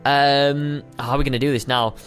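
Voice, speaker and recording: A young man giving playful, chatty commentary while playing a survival game, now and then breaking into high squeals. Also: level tone, normal speed, a bit bright, soft background music. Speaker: gaming video host. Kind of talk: casual gameplay commentary.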